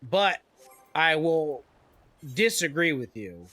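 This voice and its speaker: A man's voice: on the high side, big pitch swings, slow, bright, forceful tone. A young man streaming a game live, rambling and joking in casual chat and swearing freely. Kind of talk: casual gaming livestream chat.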